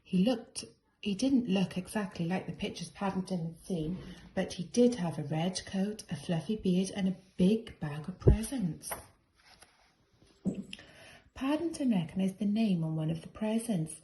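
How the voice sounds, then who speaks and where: A woman reading a children's storybook aloud in a brisk, expressive way. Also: medium pitch, background noise. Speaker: reader.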